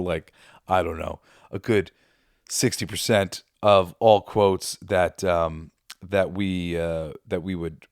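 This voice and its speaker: A man's voice: sits low, no echo, clean studio sound. A man hosting a podcast, chatting casually and rambling with fillers and laughs. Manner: rambling, quotes movie lines with laughs. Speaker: podcast host. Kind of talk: casual chat.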